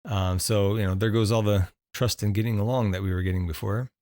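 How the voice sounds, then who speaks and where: A man's voice: lowish voice, steady tone, brisk, a little mellow, no echo. Chatty male podcast co-host, dry sound. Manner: chatty, laughs often, restarts mid-thought. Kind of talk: casual movie review chat.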